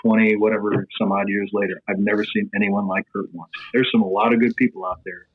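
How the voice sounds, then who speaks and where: A middle-aged man with a Midwestern American accent, a sports broadcaster telling an animated anecdote on a podcast, tossing in fillers as he goes. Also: lowish voice, quick pace, husky. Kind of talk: podcast storytelling. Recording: tinny phone-like line.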